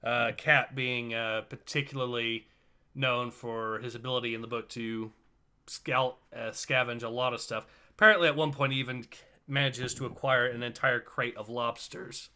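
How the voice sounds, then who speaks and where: A man's voice: mid-range voice, fairly even intonation, moderate pace, sharp tone, clean tone. A man leading a casual group discussion and recounting details from a book, with fillers between thoughts.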